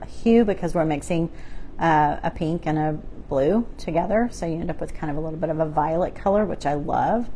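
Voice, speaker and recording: A middle-aged woman hosts a live painting tutorial, chatting casually, laughing often and talking through her brushwork as she paints. Her voice is lowish and mellow, with slight background noise.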